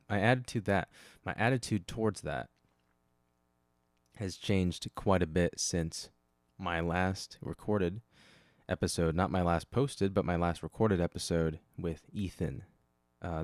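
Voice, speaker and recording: A man's voice: deep voice, no echo, clean studio sound. A man hosting a casual solo podcast, rambling and correcting himself as he goes, speaking into a desk microphone. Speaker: podcast host.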